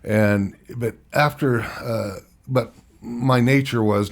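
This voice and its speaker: A man's voice: mid-range voice, steady tone, slow, gravelly. A man in his fifties, a podcast guest, candidly telling his life story in a rambling way and laughing at himself. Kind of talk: personal storytelling interview.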